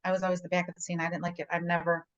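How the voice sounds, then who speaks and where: A woman's voice: lowish voice, flat delivery, rapid-fire, dull audio. A middle-aged woman, a guest realtor, chatting casually on a video call and telling stories, often checking in with "right?". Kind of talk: casual conversation.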